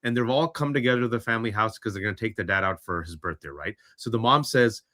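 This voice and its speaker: A man's voice: fairly low pitch, quick pace, sharp tone. A man ranting sarcastically in impassioned political commentary on a podcast, slipping into mock voices. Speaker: podcast co-host.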